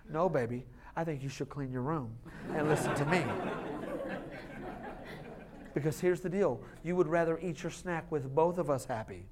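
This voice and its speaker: A man preaching a sermon as lead pastor, animated and joking, acting out little voices and laughing along. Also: fairly high pitch, moderate pace.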